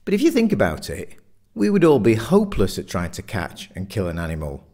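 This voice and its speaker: A man voicing Richard, a quiet friend at the pub who questions the others. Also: fairly low pitch, wildly swooping pitch, fairly quick. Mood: questioning. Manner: probing, argumentative.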